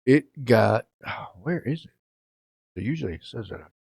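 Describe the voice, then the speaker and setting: A man's voice: mid-range voice, animated, normal speed, gravelly, a little mellow, slightly rough, no echo, clean studio sound. A man hosting a casual live stream from his home setup, rambling and joking as he talks to viewers in chat by name. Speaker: livestream host.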